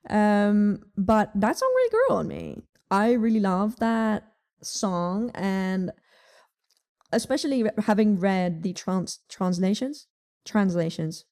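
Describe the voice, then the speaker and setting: A young woman with a Dutch accent chats through her music picks with a mellow, warm tone. She rambles loosely, filling gaps with ums and likes and the odd swear word. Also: medium pitch, big pitch swings, slow. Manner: chatty, lots of ums and likes, laughs often, casual swearing. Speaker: music vlogger. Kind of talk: casual music review chat.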